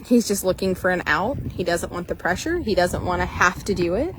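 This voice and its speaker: A woman's voice: on the low side, animated, brisk. A woman horse trader giving blunt, joking commentary on a training session outdoors. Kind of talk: casual commentary. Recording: noisy outdoor ambience.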